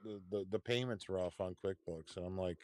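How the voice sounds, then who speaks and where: A man's voice: low voice, a little fast, a little mellow, slight background noise. A man chatting casually with friends while gaming, rambling and swearing, filling his talk with "like". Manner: rambling, profane, says "like" a lot. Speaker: game player.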